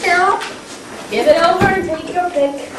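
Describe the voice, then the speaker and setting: Brief: woman improviser, high pitch, brash banter, noisy roomy far-off mic. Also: unhurried. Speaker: improv performer. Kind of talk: live improv scene. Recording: echoey room from far off, noisy.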